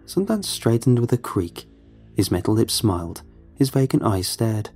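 Low, husky-voiced male horror narrator. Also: faint music behind. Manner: calm, measured and low-key. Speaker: storyteller. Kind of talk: first-person horror narration.

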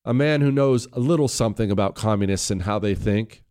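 A man hosting a political talk radio show, combative and sarcastic, rising to loud emphatic stretches. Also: fairly low pitch, fairly quick. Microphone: studio microphone.

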